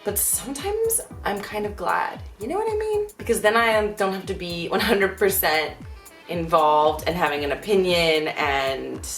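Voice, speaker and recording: A young American woman vlogging a casual Q and A from her bedroom, chatty and animated, with lots of fillers. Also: on the low side, unhurried, reverberant, faint music behind. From United States. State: out of breath. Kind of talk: casual Q and A vlog. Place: indoors at home, bedroom.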